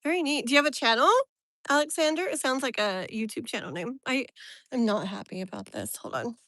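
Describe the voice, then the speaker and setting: A young woman hosts a casual live stream outdoors, talking in a chatty, exasperated way and laughing often. Her voice is bright and a little high, and she speaks slowly. The sound is close and dry. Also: animated, no room sound. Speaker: tarot reader live-stream host. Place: outdoors near a tree.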